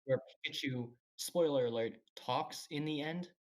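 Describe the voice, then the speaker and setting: A young man co-hosting a casual podcast, telling stories in an animated way and laughing between words. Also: on the high side, normal speed. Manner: animated storyteller, laughs mid-sentence. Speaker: podcast co-host. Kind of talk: casual chat.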